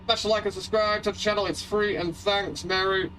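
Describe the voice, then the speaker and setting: A man's voice: high voice, flat delivery, fairly quick, a little hiss or hum. Chatty man streaming a racing game. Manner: chatty and rambling, greets viewers by name, thinks aloud. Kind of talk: casual live-stream chat while racing. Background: loud music.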